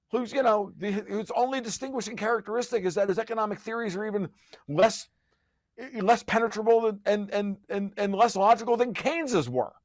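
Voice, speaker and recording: A man with a fairly high voice, ranting as a podcast guest in a profane, sarcastic way and often stumbling and restarting mid-sentence. The sound is dry and close, with no room echo. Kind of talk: heated conversational rant.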